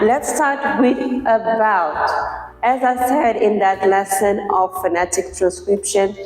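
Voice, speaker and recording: Slow, patient woman teaching pronunciation. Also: mid-range voice, darkish tone. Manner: patient, repeats words slowly to model sounds. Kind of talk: slow, deliberate lesson explanation. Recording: echoey room with long reverb, faint music.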